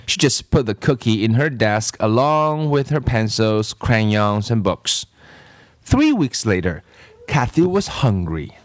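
A man's voice: fairly low pitch, big pitch swings, slow pace, no room sound. A man reading a children's story aloud with playful asides to the listener. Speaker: reader.

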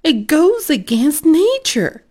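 A woman's voice: slow, full character voice. A woman voicing a young boy, anxious and stammering, in a storybook reading. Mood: indignant. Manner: stammering, high and excited.

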